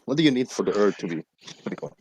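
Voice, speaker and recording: Animated man hosting a livestream. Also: very fast, slight background noise. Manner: animated, swears freely, acts out callers in a higher voice. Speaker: livestream host. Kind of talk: casual livestream chat.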